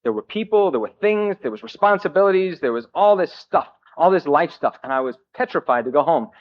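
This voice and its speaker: A man at a recovery meeting shares his recovery story with the group in a wry, self-mocking way, pausing often on fillers. His animated voice sits a bit high for a man. The recording is a dull, muffled old cassette with a little hiss or hum.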